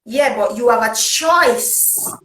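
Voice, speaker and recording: A woman's voice: fairly high pitch, slow pace, a bit bright, reverberant, low-quality recording. A woman host, talking bluntly and emphatically in a casual chat. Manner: blunt, emphatic, patois-tinged. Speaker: podcast host.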